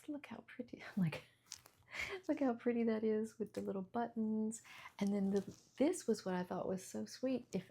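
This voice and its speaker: A middle-aged woman in a casual haul vlog, gushing and giggling as she shows off clothes, sometimes dropping into soft whispers over small details. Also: medium pitch. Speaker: fashion vlogger.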